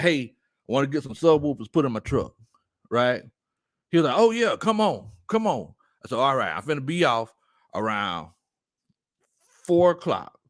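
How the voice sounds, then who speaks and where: Lively, bright-voiced male sports host. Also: medium pitch. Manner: laughs often, reads chat comments aloud, storytelling. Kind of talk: casual livestream chat.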